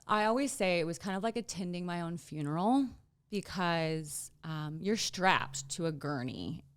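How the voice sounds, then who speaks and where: Her voice is lowish, clear and resonant, with lively intonation and a moderate pace. A young woman appearing as an interview guest, she tells her painful personal story with tearful bluntness, cursing freely in her emotion.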